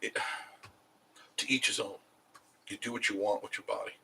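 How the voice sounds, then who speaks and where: A man's voice: fairly low pitch, flat delivery, normal speed, sharp tone, slight background noise, rough recording. A middle-aged man hosting a casual live stream, rambling and chuckling as he answers viewer comments.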